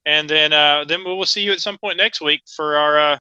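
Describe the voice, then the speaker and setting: A man with a Southern American accent co-hosting a podcast in casual chat, joking and laughing often, his voice trailing off softly. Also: a little high, steady tone, fairly quick, clean tone, dry recording, lo-fi sound. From Southern United States. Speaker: podcast co-host.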